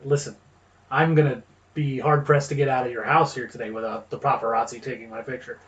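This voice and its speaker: A man's voice: mid-range voice, steady tone, a little fast, recorded from a distance. A man who is a guest on a podcast, chatting in an easygoing, teasing way. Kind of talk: casual podcast chat. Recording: dull lo-fi sound.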